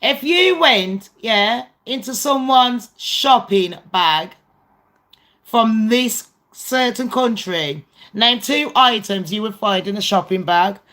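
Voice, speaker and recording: A woman's voice: a little high, animated, takes it slowly, a bit bright. A woman hosting a casual livestream game with her viewers, blunt and foul-mouthed. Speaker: livestream host.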